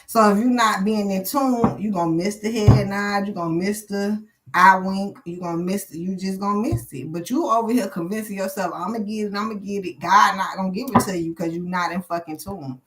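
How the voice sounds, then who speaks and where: A woman's voice: medium pitch, normal speed, slight background noise, poor audio. Woman, live tarot reader; blunt, preachy, swears freely.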